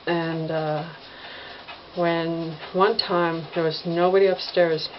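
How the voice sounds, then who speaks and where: A woman, a mother, telling a ghost story in casual speech to a propped-up camera at home, halting with many fillers and restarts. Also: on the low side, lo-fi sound, slight background noise. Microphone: phone or camera propped up, no tripod.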